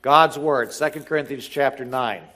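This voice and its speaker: A man preaching a sermon, reading scripture slowly and building to emphatic, animated exhortation. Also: mid-range voice. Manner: reads scripture slowly and deliberately. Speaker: pastor.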